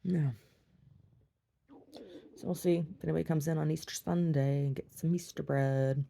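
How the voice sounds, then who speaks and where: A woman's voice: low voice, fairly even intonation, moderate pace, gravelly, mellow. A middle-aged woman, a gallery owner, chatting in a meandering, giggly way in a casual monologue.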